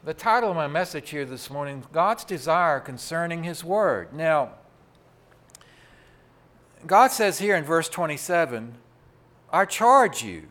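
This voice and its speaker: Guy with a fairly high voice preaching in church on a mic, folksy and chatty, talks right to the folks in the pews. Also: animated, a little slow, a bit bright. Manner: folksy, conversational preaching with asides to the congregation. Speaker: pastor. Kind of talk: sermon. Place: church sanctuary. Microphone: microphone.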